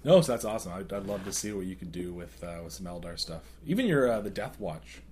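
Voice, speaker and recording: A man co-hosting a hobby podcast in a low, lively voice that swings up and down. He chats casually, often restarting his sentences, with a faint hiss of noise behind. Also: quick pace. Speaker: podcast co-host.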